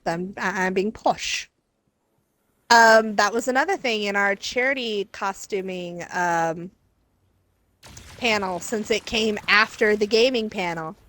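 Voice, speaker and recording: A woman streamer chatting casually with friends while gaming, telling animated stories, mimicking people and laughing often. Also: unhurried. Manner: animated storyteller, mimics others in high voices, laughs often.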